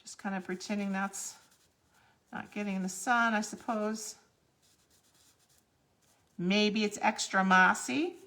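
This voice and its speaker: Woman, craft demo host, chatty step-by-step explainer, gravelly, bright tone. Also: medium pitch, slow pace, long pauses. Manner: chatty, explains each step while working. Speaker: crafting demonstrator. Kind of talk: live crafting tutorial.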